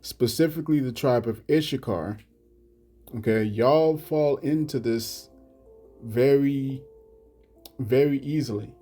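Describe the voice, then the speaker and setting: A man giving a religious commentary, speaking haltingly and often repeating "you know what I'm saying" between points. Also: medium pitch, warm tone, faint music behind. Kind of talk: scripture commentary vlog.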